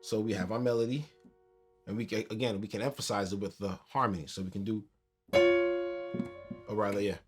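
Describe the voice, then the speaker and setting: A man teaching a keyboard tutorial in a relaxed, conversational way, counting beats aloud as he plays. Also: lowish voice, brisk, long pauses, slightly rough. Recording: piano music under the voice.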